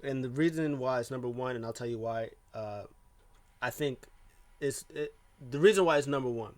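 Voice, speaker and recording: Recapping a wrestling show in a loose, casual way, this man rambles, piles on filler words and keeps restarting sentences. His voice is mid-pitched and moves at a moderate pace.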